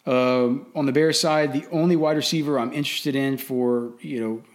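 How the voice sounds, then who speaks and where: A man's voice: medium pitch, steady tone, normal speed. A man giving casual fantasy football and betting commentary in a blunt, opinionated way, often restarting and repeating words.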